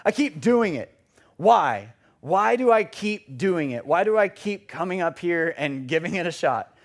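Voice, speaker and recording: A young man with a fairly high voice tells a funny, self-deprecating story from the pulpit. He rambles through it with plenty of fillers, speaking in a church service. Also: expressive, unhurried. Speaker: preacher. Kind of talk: storytelling sermon. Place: church sanctuary.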